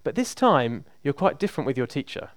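Preacher with a smooth, resonant voice. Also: male voice, mid-range voice, big pitch swings, a little fast, no echo. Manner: conversational, emphatic, repeats for emphasis. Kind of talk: sermon.

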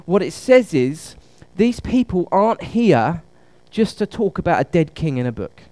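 A man gives a conversational sermon, often turning questions back to the congregation. His voice sits fairly high for a man. The sound is dry and close, with little room echo. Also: very animated, a little slow, warm tone. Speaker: preacher. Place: church service.

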